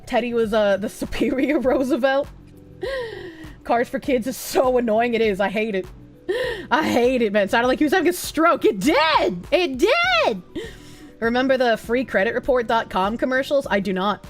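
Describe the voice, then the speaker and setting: This woman speaks at a normal speed in a fairly high voice while reading donations on her livestream, faint music in the background. Lively and loose, she curses freely, gasps at times, and sings little bits of songs.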